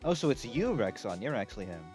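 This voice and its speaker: A man's voice: mid-range voice, sing-song, over music. A man streaming a video game, joking and swearing with friends. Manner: joking, profane, quick to laugh. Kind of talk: casual let's-play banter.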